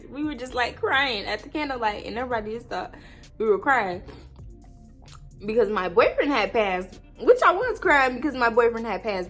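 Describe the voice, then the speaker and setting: Woman, 20s, vlogger, emotional storytime, teary and rambling, medium pitch. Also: a bit bright. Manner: tearful, laughing through tears, rambling with many fillers.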